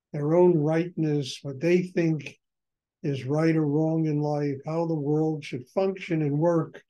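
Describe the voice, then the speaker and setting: An older man speaking as a spiritual teacher, very slow and unhurried. His voice is mellow and dark, sitting a little higher than most men's. He strings out repeated phrases and leans on "you know" as he reflects. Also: low-quality recording.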